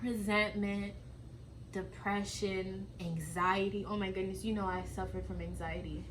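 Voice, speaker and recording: A woman's voice: medium pitch, steady tone, unhurried, slight background noise. A woman in her twenties, talking openly and reflectively with her mother. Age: 20s. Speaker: daughter and co-host. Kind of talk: candid family conversation.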